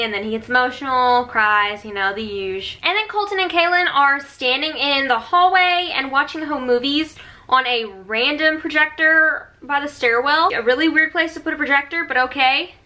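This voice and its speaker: A young woman with a lofty, bright voice talks casually to her viewers and recaps a reality show episode. She sounds chatty and sarcastic, with a streak of mock enthusiasm. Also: high voice, normal speed.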